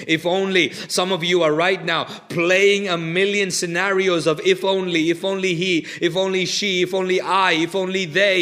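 A man preaching a sermon, swinging from loud urgent pleading to hushed, low intensity with lots of repetition.

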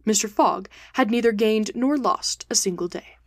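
A woman narrates a classic novel aloud in a steady, clear audiobook manner. Her voice sits at a middle pitch, and the recording is close and dry with no room echo. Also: moderate pace. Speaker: podcast host reading aloud.

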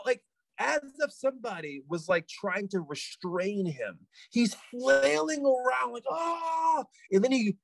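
Man, podcast guest, storytelling, lively swooping voice, fairly high, dry close sound. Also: no room sound, poor audio. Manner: animated, repeats himself, many "like" fillers. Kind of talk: storytelling in casual chat.

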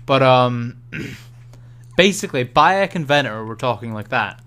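A man's voice: medium pitch, a little slow, clear, resonant tone. A young man co-hosting a gaming podcast, chatting casually and telling stories with animation and frequent laughs. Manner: animated storytelling, laughs often. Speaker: podcast co-host. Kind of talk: casual chat.

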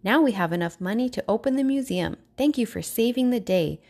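A woman's voice: fairly high pitch, lively intonation, fairly quick, a little mellow. A woman voicing a proud, grateful mother in a storybook reading.

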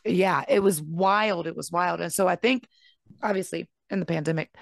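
A woman's voice: on the low side, moderate pace, vocal fry, no room sound. A woman chatting casually on a podcast, telling rambling stories and acting out quoted voices. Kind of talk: casual chat.

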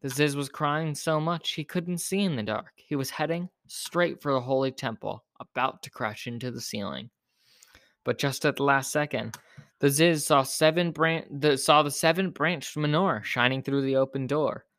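Man, storyteller, children's story read aloud, gentle and expressive, dry close sound. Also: medium pitch, normal speed, no echo.

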